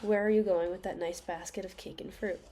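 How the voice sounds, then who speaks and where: Woman reading as a crafty hungry wolf, mock-polite, quiet, mellow tone. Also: lowish voice, steady tone, a little fast, slight background noise, natural voice. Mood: sly. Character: crafty big male wolf, sly and hungry.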